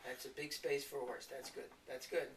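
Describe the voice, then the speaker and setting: A man's voice: mid-range voice, little pitch movement, fairly quick, recorded from a distance. A man playing with a toddler at home, coaxing him along and making animal sounds for him. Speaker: family member playing with a toddler. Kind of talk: home video play with a toddler. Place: home room. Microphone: camcorder from across the room. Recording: echoey home camcorder audio with loud noise.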